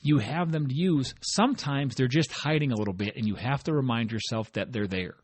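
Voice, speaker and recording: This solo motivational podcaster speaks a little fast in a husky, mid-range voice, recorded dry. His delivery is conversational and encouraging, peppered with "right?" tag questions.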